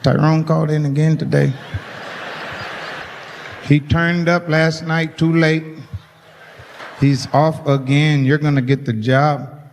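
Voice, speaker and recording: A man's voice: on the high side, flat delivery, slow pace, gravelly, pauses often, darkish tone. A middle-aged man telling profane stand-up stories and acting out the voices of people in them. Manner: profane storytelling, acts out voices. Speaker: stand-up comedian. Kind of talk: stand-up comedy set. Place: comedy stage before a laughing audience. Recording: live hall reverb, faint noise.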